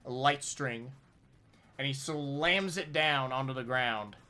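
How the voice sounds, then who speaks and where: A man playing a tabletop role-playing game, haltingly describing his character's entrance and actions. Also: medium pitch, pushed and bright, smooth. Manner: halting, with many restarts and fillers. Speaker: player.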